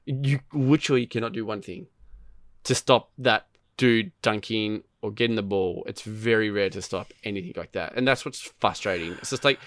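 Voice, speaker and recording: A man's voice: fairly low pitch, moderate pace, no echo. Profane, rambling man gaming podcaster. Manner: rambling, profane, animated storytelling. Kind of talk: casual gaming chat.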